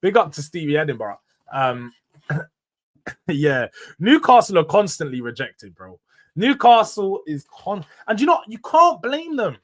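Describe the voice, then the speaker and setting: A young man, hosting a casual football live stream, opinionated and quick to laugh. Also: high-pitched. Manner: chatty and opinionated, laughs often, uses slang. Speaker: football channel host reading live chat.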